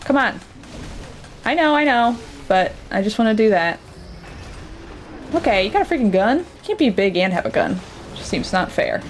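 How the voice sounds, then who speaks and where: A woman's voice: fairly high pitch, very animated, normal speed, pauses often, a little hiss or hum. A woman streamer chatting casually and reacting aloud as she plays a game. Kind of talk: casual let's-play commentary.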